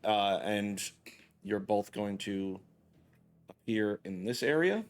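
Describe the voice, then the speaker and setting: Low-voiced male dungeon master, plain rules calls, filler-heavy. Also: animated, slow pace. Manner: matter-of-fact rules calls, many "uh"s. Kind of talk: running a tabletop game.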